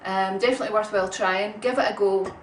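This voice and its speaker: A woman giving a relaxed, homely cooking demonstration in her kitchen, chatting along with frequent ums. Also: medium pitch, quick pace, slight background noise. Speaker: home cook. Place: home kitchen. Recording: roomy kitchen sound from a distant mic.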